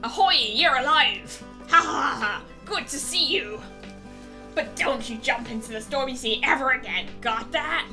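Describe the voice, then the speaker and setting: A woman voicing a hearty sailor dog man with a gravelly, booming voice, with game music behind. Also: measured pace, bright, forceful tone.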